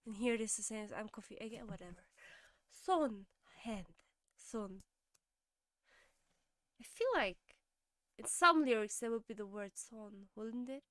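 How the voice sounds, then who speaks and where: A woman's voice: fairly high pitch, fairly bright tone, no echo. A tired young woman, chatting casually on a stream while learning Korean words, laughing often and sliding into mumbles. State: tired, sleepy. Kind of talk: casual live-stream chat.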